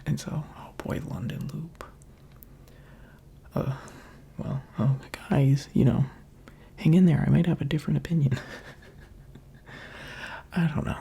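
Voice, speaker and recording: A man gives whispered ASMR gaming commentary, close on the microphone. His soft, mostly breath-only voice is mellow, with a gravelly edge, and he rambles in a chatty, playful way full of filler words. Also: a little high, slow pace, pauses often.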